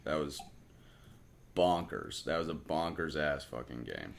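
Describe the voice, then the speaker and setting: A man's voice: extremely low pitch, lively intonation, unhurried, vocal fry, slight background noise. A young adult man co-hosting a podcast in casual chat, hungover, swearing a lot and laughing while he rambles. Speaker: podcast co-host.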